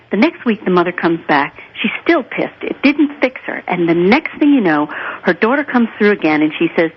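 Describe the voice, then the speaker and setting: A woman's voice: mid-range voice, animated, fairly quick, breathy edge, lo-fi sound. A woman guest on a radio show, telling stories in an emphatic, earnest way. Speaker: guest therapist and author. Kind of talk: radio interview.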